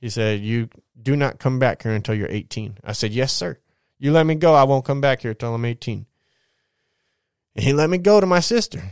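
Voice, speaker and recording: A man's voice: medium pitch, moderate pace, clean tone, dry recording, clean studio sound. Blunt, profane young man telling his story. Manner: blunt, profane, many restarts. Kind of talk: casual storytelling.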